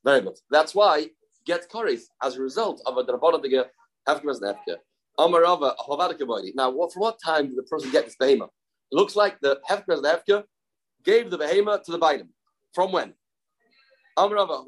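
A man's voice: a little high, animated, fast talker, low-quality recording. A man with a Yeshivish accent teaching a daily Talmud lesson, repeating key phrases and asking and answering his own questions. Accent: Yeshivish English.

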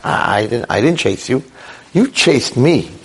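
A man's voice: medium pitch, animated, measured pace, husky. A man doing a taunting tempter spirit. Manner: taunting, accusing. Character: the Satan, a mocking tempter spirit.

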